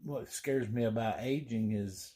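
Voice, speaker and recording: A man's voice: mid-range voice, measured pace, warm tone. Dry-joking man, middle-aged. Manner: dry, short joking remarks. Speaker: co-host of a family vlog. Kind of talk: casual chat.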